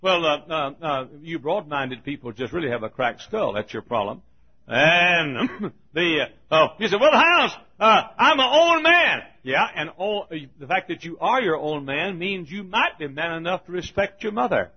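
A man's voice: a little high, lively intonation, normal speed, breathy edge, highs cut off. An older man in his seventies, preaching a folksy sermon full of stories, often chuckling.

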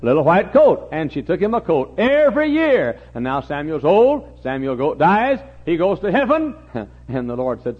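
A man's voice: a little high, sing-song, moderate pace, slightly rough. A man preaching a sermon as a folksy storyteller, with humorous asides and acted-out voices, in a dull lo-fi recording.

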